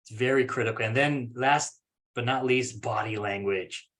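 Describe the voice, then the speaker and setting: A man's voice: medium pitch, moderate pace, a bit bright. Casual man presenting at an online meeting. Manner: casual, self-deprecating, acts out examples in different voices. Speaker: club member presenting a course plan. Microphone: video call.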